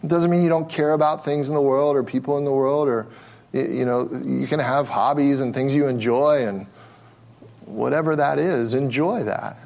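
A man's voice: mid-range voice, steady tone, moderate pace, gravelly, darkish tone. A male pastor preaching a sermon with emphasis, asking questions and repeating words as he restarts.

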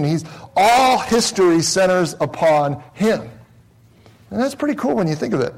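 A pastor with a voice on the high side delivers an explanatory Bible-teaching sermon, captured on a rough recording. He often poses rhetorical questions to his listeners, slowing down and softening on key phrases.

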